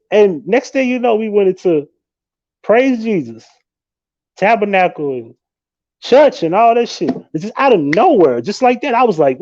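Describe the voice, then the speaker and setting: A man hosts a live stream and riffs in a loose, animated and profane way, laughing often. His voice sits a little high for a man. The audio is dull and lo-fi. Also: normal speed. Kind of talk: casual live-stream commentary.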